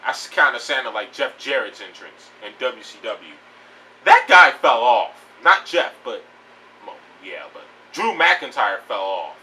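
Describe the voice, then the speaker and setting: A man's voice: mid-range voice, sing-song, a little slow, bright, forceful tone, far from the mic, poor audio. A man giving a blunt, profane, rambling rant about pro wrestling news in a casual home video. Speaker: wrestling vlogger.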